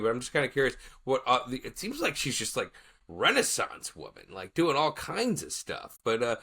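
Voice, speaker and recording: Lively, bright-voiced male podcast host. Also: mid-range voice. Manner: loose, filler-heavy questions. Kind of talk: casual interview chat.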